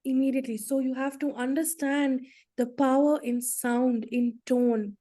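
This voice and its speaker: A woman speaks slowly in a high, mellow voice, leaning on key words to make her points. She presents to a group in an emphatic, demonstrative way and keeps checking in with her listeners. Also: level tone. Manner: emphatic, demonstrative, uses tag questions. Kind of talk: casual presentation with interpreter.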